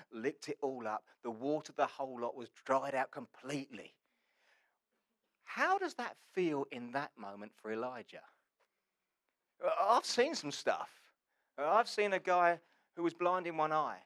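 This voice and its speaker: A man preaches with a fairly high voice and plenty of animation. He swings between near-shouting and hushed asides as he tells the story. His delivery carries a wry, sarcastic humour. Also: sing-song, moderate pace. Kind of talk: sermon.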